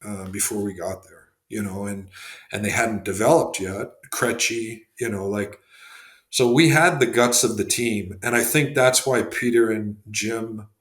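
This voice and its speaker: Low-voiced man in an echoey room. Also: steady tone, a little slow, a bit bright. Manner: rambling, frequent fillers and restarts. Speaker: guest, former hockey executive and scout. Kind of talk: casual podcast interview storytelling.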